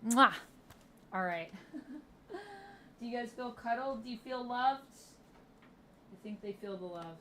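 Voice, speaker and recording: Woman livestreamer chatting w chat, slow easy pace, playful and goofy. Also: fairly high pitch, expressive, a little hiss or hum. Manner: playful, chatty, counting reps aloud. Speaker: gaming livestreamer. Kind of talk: casual livestream chat with viewers.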